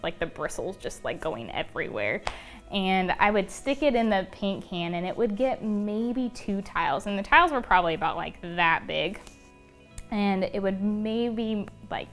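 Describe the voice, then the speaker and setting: A young woman being interviewed, telling a personal story in a casual, chatty way, full of "um" and "like". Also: mid-range voice. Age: young adult. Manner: chatty, many fillers like "um" and "like". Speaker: interview guest.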